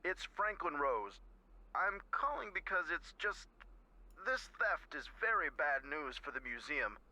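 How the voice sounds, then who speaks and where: A nervous museum board member leaving a phone message in a game. His tone is very bright and lively, slightly high, earnest and a little flustered. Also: a little slow, exaggerated voice, rough recording. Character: middle-aged male museum board member, anxious and grateful.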